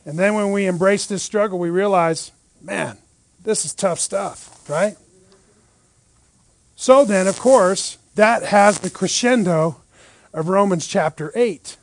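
High-voiced man teaching a Bible study. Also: takes it slowly, no echo. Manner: lively, rhetorical questions, frequent "right?".

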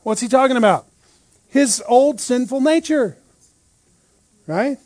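High-voiced man teaching a Bible study. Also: slow pace, dry recording. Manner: lively, rhetorical questions, frequent "right?".

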